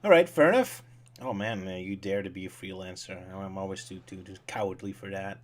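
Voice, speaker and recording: A man's voice: sits low, a little fast. A man hosting a casual live-stream chat, talkative and joking, with frequent hesitant fillers. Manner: chatty, laughs often, hesitant fillers. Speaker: podcast host.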